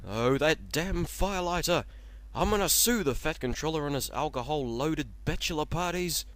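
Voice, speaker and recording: A man's voice: a little high, lively intonation, a little fast, dry recording, voice pushed up. A man voicing a panicky cursing steam engine. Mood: panicked shouting. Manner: shouting and screaming in alarm. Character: panicky foul-mouthed male steam engine.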